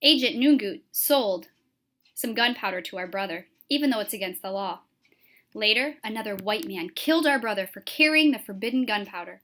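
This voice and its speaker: A woman's voice: mid-range voice, animated, moderate pace, a bit bright, lightly acted. A woman voicing a worried tribal elder addressing the young, reading with grave, urgent stress on key words.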